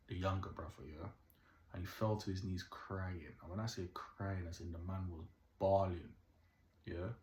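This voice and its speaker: Deep-voiced man telling a story, echoey room. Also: a little hiss or hum. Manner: animated, keeps asking "yeah?", moralizing. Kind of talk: casual storytelling to camera.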